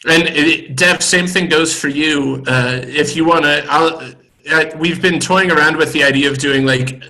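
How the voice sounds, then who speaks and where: A man, a brewery co-owner, chatting on a video call in a relaxed, thoughtful way with many pauses and fillers. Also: on the high side, poor audio. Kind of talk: casual video call chat.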